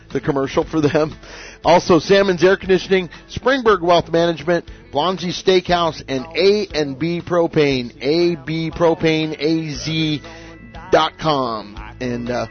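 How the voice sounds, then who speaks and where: A man's voice: a little high, unhurried, soft background music. A man hosting a radio talk show, casual and joking, chatting and reading sponsor mentions. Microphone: studio microphone. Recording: dull lo-fi radio audio.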